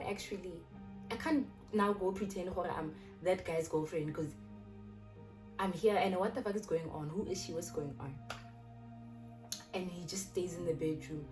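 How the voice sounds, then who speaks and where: A young South African woman telling a personal story in a chatty, animated way, often restarting her sentences. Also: lowish voice, normal speed, long pauses. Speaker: YouTuber. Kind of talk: casual storytelling. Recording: distant mic with loud background music.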